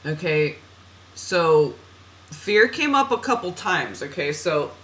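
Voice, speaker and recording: A woman's voice: deep voice, very animated, slow, fairly bright tone, poor audio. Chatty woman reading oracle cards. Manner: chatty, laughs at herself, drifts off on tangents. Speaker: oracle card reader. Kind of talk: spiritual card reading monologue.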